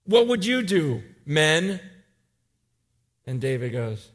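A man in his forties preaching a sermon, telling a story with animated swings between loud urgency and quiet intensity. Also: fairly high pitch, slow, pauses often. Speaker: pastor.

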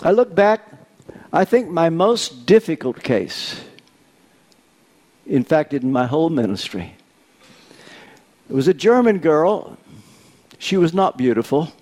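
An older man in his eighties preaching a sermon, deliberate and posing rhetorical questions to his congregation. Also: a little high, big pitch swings, a little mellow. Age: 80s.

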